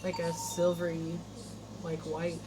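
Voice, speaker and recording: Young woman chatting hesitant at home, kinda low voice, noisy recording. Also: completely flat delivery, measured pace. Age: young adult. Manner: hesitant, filler-heavy. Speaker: guest, vlogger's daughter. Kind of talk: casual chat.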